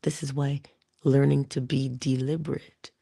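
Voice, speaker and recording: A woman giving an inspirational monologue to her listeners. She speaks deliberately, addresses them directly and drops into whispers for emphasis. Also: rumbling low, flat delivery, creaky, dark tone, slightly rough, dry recording, clean studio sound. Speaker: motivational speaker.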